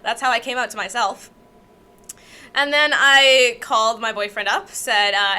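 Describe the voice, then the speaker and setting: A woman's voice: a little high, a little slow, bright, forceful tone, clear, resonant tone. A young woman co-hosting a podcast, telling personal stories in a rambling, self-deprecating way with frequent laughter. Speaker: podcast co-host. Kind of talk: casual storytelling chat.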